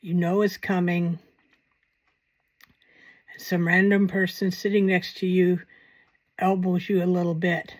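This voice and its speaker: A woman's voice: lowish voice, little pitch movement, measured pace, long pauses. A woman hosting a paranormal channel, talking in a casual, rambling commentary with wry, self-mocking asides.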